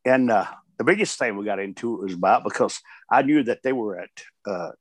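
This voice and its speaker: A man's voice: fairly low pitch, a little fast, no echo. An older man, a veteran wrestler, telling stories in a casual chat, laughing often and acting out what others said. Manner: animated storyteller, laughs often, acts out quotes.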